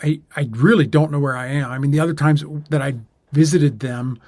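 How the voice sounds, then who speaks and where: A man co-hosting a podcast tells a personal story with many pauses and restarts. His voice sits a little high for a man. The sound is dry and close. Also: fairly even intonation, a little mellow, no echo. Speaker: podcast co-host. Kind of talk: casual conversation, personal story.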